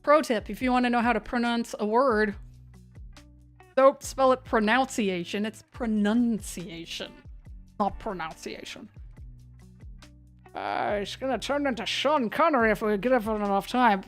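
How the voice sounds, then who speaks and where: With faint music behind her, a woman with a slightly high voice hosts a severe weather livestream. She speaks at a moderate pace, and her casual commentary comes across as chatty, scattered and self-deprecating.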